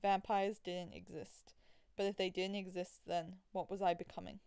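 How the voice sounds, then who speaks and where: A woman's voice: fairly low pitch, little pitch movement, normal speed, darkish tone, clean tone, no echo. A woman playing through a visual novel, reading the story aloud and breaking off into chatty, rambling asides with giggles. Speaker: let's play gamer.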